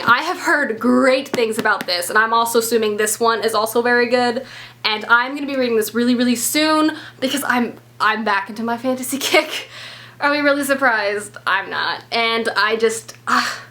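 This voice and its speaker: A young woman from the United States, a book vlogger talking casually and excitedly, gushing with lots of "like" fillers. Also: on the high side. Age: young adult. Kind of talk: casual book haul chat.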